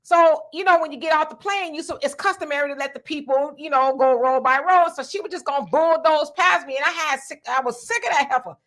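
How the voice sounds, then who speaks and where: A woman's voice: high voice, brisk, few pauses, a bit bright. A woman hosting a live talk stream, telling stories with a lot of energy, laughing often and reading viewer comments aloud.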